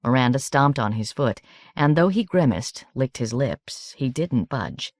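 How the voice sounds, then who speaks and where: Woman reading a novel aloud, steady and even, super dry recording. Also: very deep voice, a little slow, no echo. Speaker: audiobook narrator. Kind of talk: audiobook narration.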